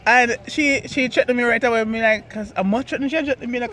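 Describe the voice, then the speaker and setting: High-voiced Jamaican man telling a story. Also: fast talker, soft background music. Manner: animated, jumps high when quoting himself. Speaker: vlog co-host telling a couple's story. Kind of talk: casual storytelling.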